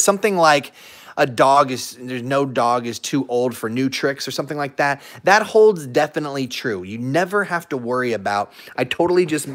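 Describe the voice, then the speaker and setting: Playful young man chatting on a livestream. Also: fairly high pitch. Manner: playful, talks to his pets in soft baby talk and voices their thoughts. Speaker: livestream host with dogs. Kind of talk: casual livestream chat.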